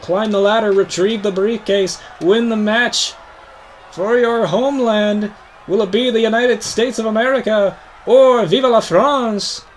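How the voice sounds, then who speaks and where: A young man hosting a video game show, giving mock wrestling play-by-play in a hyped announcer voice that climbs to shouts on big moves. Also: high voice, a little hiss or hum. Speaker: host.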